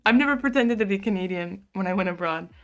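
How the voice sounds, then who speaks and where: Speaking fast and expressively at medium pitch, a young woman from the United States chats on a livestream from home. She responds to viewer comments, fills her talk with "like," and drops soft cooing asides to her cat.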